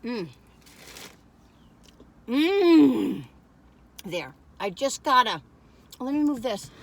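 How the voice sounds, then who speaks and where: A woman's voice: on the high side, very animated, very slow, vocal fry. An older woman, rambling in a folksy, chatty way as she reviews food on a phone camera in a parked car.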